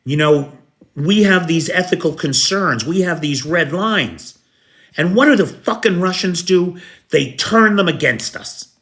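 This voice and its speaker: A man's voice: on the high side, lively intonation, a little slow, fairly bright tone. A man hosting a casual livestream, thanking viewers by name and answering their comments bluntly. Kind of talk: casual live-stream chat.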